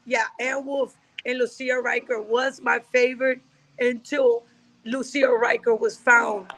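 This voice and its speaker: A middle-aged woman, a retired boxer and coach, talking on a call-in in an emphatic, animated way. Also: fairly high pitch, a little slow, creaky, dry recording, rough recording. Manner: emphatic, animated, repeats herself. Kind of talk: casual call-in conversation.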